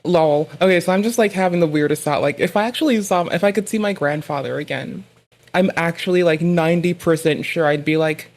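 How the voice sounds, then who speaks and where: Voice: mid-range voice, a little fast. A live streamer in casual chat, rambling and swearing freely, punchy from lack of sleep, with mock-angry rants. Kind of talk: casual livestream chatter.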